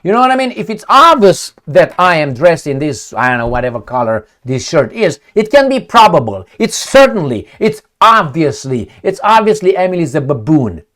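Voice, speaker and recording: A man's voice: normal speed, few pauses. A man ranting angrily about the news, sarcastic and swearing, reading headlines aloud and picking them apart. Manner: angry, sarcastic, swearing, lively swings in pitch. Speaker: political commentator.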